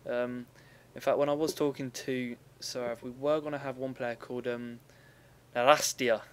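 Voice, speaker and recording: A man's voice: mid-range voice, flat delivery, normal speed, slight background noise. A young man giving casual, rambling commentary over a recorded strategy game battle, often stopping to correct himself.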